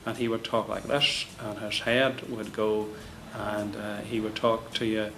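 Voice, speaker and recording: A man with a Northern Irish accent, a politician answering interview questions hesitantly with many pauses. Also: fairly low pitch, level tone, fairly bright tone, slight background noise, poor audio.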